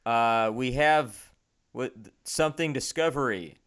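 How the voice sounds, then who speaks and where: Smooth-voiced young man rambling casually. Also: mid-range voice, slow pace, fairly bright tone. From Chicago area. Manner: rambling, self-deprecating, lots of fillers. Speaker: podcast co-host. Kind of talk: casual chat. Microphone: home studio microphone over a video call.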